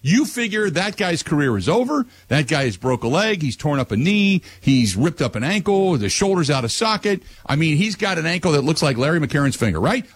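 Radio talk host, male, husky, lively pitch, opinionated rant. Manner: animated ranting, voice climbing high when worked up.

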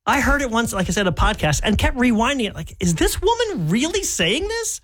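A man's voice: extremely high pitch, very animated, fairly quick, fairly bright tone, a little hiss or hum. A middle-aged American man co-hosting a morning radio show, chatting casually and fussing over correct pronunciation. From United States. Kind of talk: casual on-air banter.

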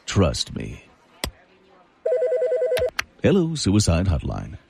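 A man's voice: low voice, wildly swooping pitch, extremely slow, creaky, a loud crowd, heavily acted. An actor playing a sly, devilish man posing as a suicide hotline counselor, coaxing and sinister. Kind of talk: audio drama acting.

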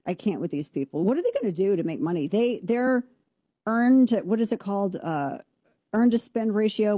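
A woman hosting a commentary show, ranting in a sarcastic, rapid-fire way. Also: medium pitch, warm tone, dry recording. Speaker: host.

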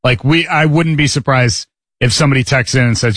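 A man chats with friends and thinks aloud about small things. His voice sits at a mid pitch, and he sounds relaxed. The sound is close and dry. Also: brisk, no echo. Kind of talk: casual group chat.

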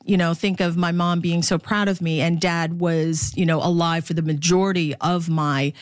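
A woman's voice: lowish voice, fairly even intonation, moderate pace, dry recording, studio quality. A middle-aged woman, a baseball broadcaster from the Philippines, talking candidly as an interview guest and laughing often.

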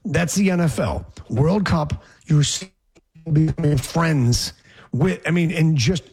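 A man's voice: fairly high pitch, slow pace, darkish tone, husky, faint music behind. A man hosting a sports talk show, chatting casually with rambling, sarcastic asides.

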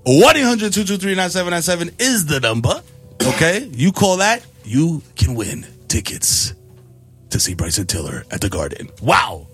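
A man, hosting morning radio and riffing in animated banter. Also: on the high side, moderate pace, slightly rough, soft background music. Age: 40s. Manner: animated, riffing, lots of "you know what I'm saying". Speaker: radio host. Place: radio studio.

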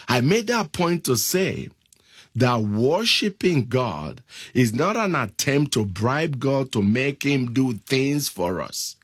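A man preaching a sermon, reading scripture aloud in a slow, deliberate way. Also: mid-range voice, big pitch swings, husky, dry recording, studio quality.

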